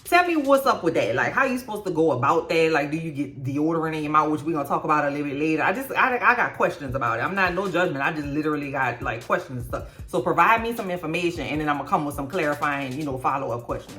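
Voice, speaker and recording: A woman's voice: low voice, animated, quick pace, hardly any pauses, a bit bright, soft background music. A woman hosting a casual show recap, blunt and profane, with mocking asides. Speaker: YouTube recap host. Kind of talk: casual reaction commentary.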